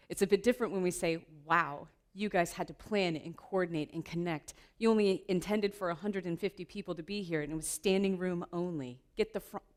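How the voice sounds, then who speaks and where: A woman giving a playful, lively keynote talk at a conference, laughing often with the audience. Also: on the low side, moderate pace. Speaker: keynote speaker. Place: conference room.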